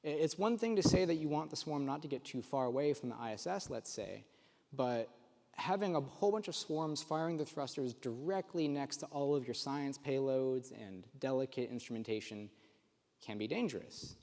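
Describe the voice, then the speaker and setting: A man's voice: mid-range voice, normal speed, darkish tone. A young man giving a technical conference talk, eager and explanatory, with a few fillers and restarts. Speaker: conference presenter. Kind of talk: technical presentation. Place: large conference room. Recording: long hall reverb.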